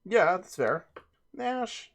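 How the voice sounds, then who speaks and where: A man's voice: sits high, big pitch swings, extremely slow, gravelly, pitched above the performer's own voice, full character voice. A man voicing a grim, brooding young warrior in a game let's play.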